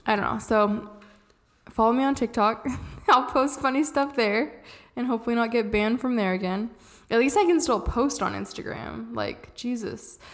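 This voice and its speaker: A woman in her thirties co-hosts a casual podcast, her voice a little high and her pace normal. She tells stories full of laughter and acts out the phone calls as she chats.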